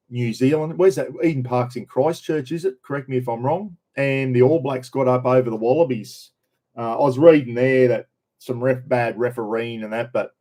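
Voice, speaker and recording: A middle-aged man from Queensland with a broad Australian accent, hosting a laid-back livestream. He rambles from one thought to the next and greets his viewers by name. His voice sits at an ordinary, middle pitch. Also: a little mellow. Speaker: livestream host. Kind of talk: casual livestream chat.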